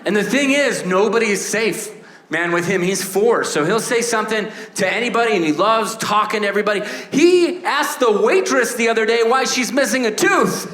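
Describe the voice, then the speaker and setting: A man in his thirties working a stand-up set with a high, bright voice that he pushes up into shouts for the punchlines. He jumps into quick little character voices, and the room around him rings with echo. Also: a little hiss or hum. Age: 30s. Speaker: stand-up comedian. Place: stage before a laughing audience.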